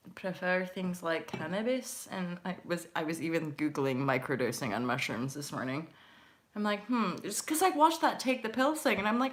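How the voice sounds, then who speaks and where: Bright-voiced woman, chatty live host. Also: mid-range voice, lively intonation, normal speed. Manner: rambling, chatty, swears casually, laughs often. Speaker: host doing live intuitive tarot readings. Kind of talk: casual live-stream chat.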